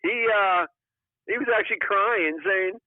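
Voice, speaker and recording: A man calling into a casual political podcast, talking in an excitable and profane way. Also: high-pitched, unhurried, no echo. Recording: tinny phone line.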